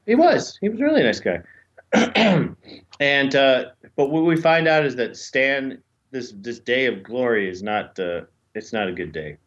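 A man's voice: medium pitch, very animated, unhurried, dull audio. A man co-hosting a podcast, chatting casually and digressively while recapping a TV episode. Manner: chatty, digressive, jokey asides. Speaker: podcast co-host.

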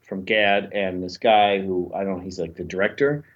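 A man's voice: low-pitched, steady tone, normal speed, dull audio. A man co-hosting a podcast, chatting casually and digressively while recapping a TV episode. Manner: chatty, digressive, jokey asides. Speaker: podcast co-host.

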